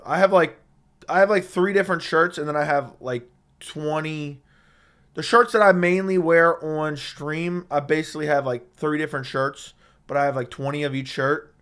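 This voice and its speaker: This man's voice sits a little high and sounds fairly bright and clean, holding a steady tone at a normal speed. Sore-throated, he reads comments on his live stream and swears bluntly while trading insults with chat, speaking into a studio dynamic microphone.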